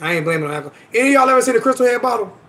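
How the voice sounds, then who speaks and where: Brief: high-pitched adult man, livestream host, emphatic and repetitive, casual slangy delivery. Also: lively intonation, rapid-fire, pushed and bright, a little hiss or hum. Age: adult with children. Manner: emphatic, repeats himself, slangy.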